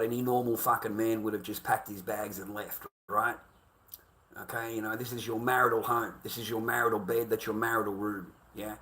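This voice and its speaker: A man's voice: medium pitch, a bit bright. A man with an ordinary mid-range voice holds forth on a livestream. His talk is heated and profane, and he keeps repeating himself as the rant goes on. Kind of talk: casual ranting monologue.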